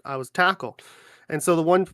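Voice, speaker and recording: A man, a livestream guest chatting in a relaxed, rambling way with many fillers. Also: a little high, a little fast, smooth, no room sound, clean studio sound. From Ontario, Canada. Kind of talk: casual chat on a livestream.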